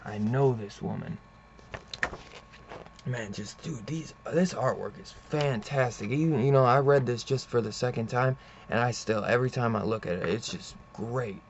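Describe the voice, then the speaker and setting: A man's voice: medium pitch, normal speed. A young man rambling enthusiastically through a casual comic review, full of fillers, over a dull lo-fi recording. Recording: dull lo-fi with faint hiss.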